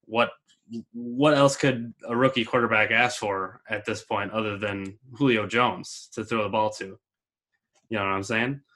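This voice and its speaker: A man's voice: lowish voice, steady tone, a little slow, pushed and bright. A man co-hosting a casual sports talk show, laid-back and chatty. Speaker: co-host.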